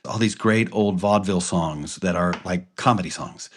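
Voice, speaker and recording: A man co-hosting a podcast in casual chat, animated and theatrical, laughing often. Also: fairly low pitch, normal speed. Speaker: podcast co-host.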